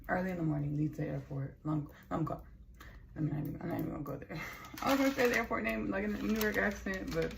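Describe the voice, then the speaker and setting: A woman's voice: on the low side, fast, gravelly, noisy background. A Texan woman rambling casually in a vlog, playful and chatty with lots of asides. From Texas. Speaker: vlogger.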